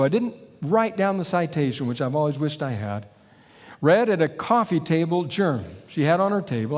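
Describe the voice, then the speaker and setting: A middle-aged man preaching a sermon, his voice sitting a little high for a man. He tells stories with animated retellings. The sound rings with the long reverb of a hall. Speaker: pastor.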